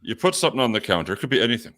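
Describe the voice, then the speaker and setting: A man co-hosting a radio show, telling animated, profane stories and laughing often. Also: medium pitch, very fast. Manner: animated storyteller, swears freely, laughs a lot. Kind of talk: casual profane chat.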